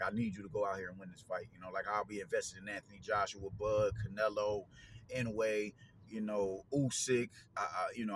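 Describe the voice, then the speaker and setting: Slangy, animated male host, bright and forceful tone, faint background hum. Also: on the low side. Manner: animated, profane, slangy, repeats phrases. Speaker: boxing commentator, show host. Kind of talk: casual fight breakdown.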